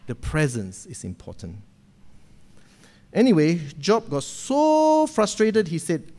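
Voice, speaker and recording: A man preaching a sermon from a church pulpit, retelling a story in a lively way and often checking in with "okay?". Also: high-pitched, slow pace.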